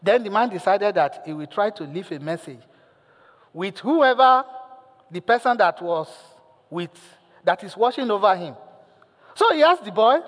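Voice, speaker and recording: A male pastor preaching a sermon, telling a story with lively acted lines and putting questions to the congregation. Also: sits high, normal speed, long pauses, in a large hall.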